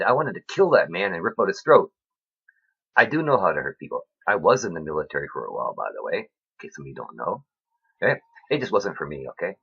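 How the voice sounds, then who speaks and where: A man talking to his viewers about faith in a rambling, preachy way, keeps asking "right?", and his voice swings between loud and soft with emotion. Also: low voice, slightly rough, highs cut off. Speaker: vlogger. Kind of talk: rambling faith talk to camera.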